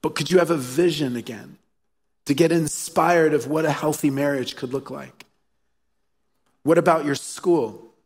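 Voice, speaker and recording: This pastor's voice sits fairly high, husky and a little mellow, and he speaks a bit slowly with long pauses. His heartfelt, narrative sermon repeats key phrases and rings through a church hall in a live recording.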